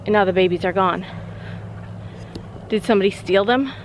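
A woman's voice: medium pitch, moderate pace. A woman vlogger chatting casually and animatedly straight to her viewers on a small farm. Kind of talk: casual vlog chat to camera. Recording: noisy outdoor camera audio.

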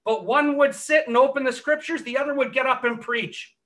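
A man giving an earnest gospel testimony, telling his story and dropping low and quiet for quoted words. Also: fairly quick, far from the mic. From Canada.

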